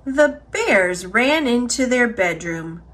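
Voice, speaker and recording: A woman reading a children's picture book aloud, expressive and unhurried. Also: fairly high pitch. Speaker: storyteller.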